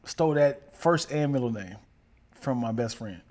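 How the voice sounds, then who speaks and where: A middle-aged man co-hosting a podcast, chatting playfully and laughing easily as he tells his stories. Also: mid-range voice. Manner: playful, expressive, quick to laugh. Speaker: podcast co-host. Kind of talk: casual chat.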